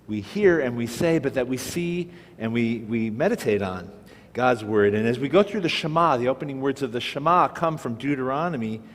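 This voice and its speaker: A man teaching a patient, step-by-step language lesson, pausing to have listeners repeat each word. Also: medium pitch, in a large hall. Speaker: Hebrew teacher. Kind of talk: classroom-style language lesson.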